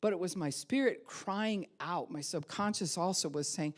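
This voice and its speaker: A low-pitched middle-aged woman preaching in a church hall. She tells her story dynamically, pushing some phrases out loud and dropping others to a hush. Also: moderate pace. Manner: dynamic storytelling, swinging from loud emphasis to hushed whispers. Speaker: pastor. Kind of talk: sermon.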